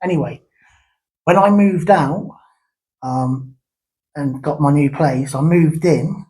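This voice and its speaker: A man's voice: on the high side, slow, warm tone, breathy edge, poor audio. A man ranting casually to camera, blunt and rambling, telling stories with repeated words. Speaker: YouTube ranter.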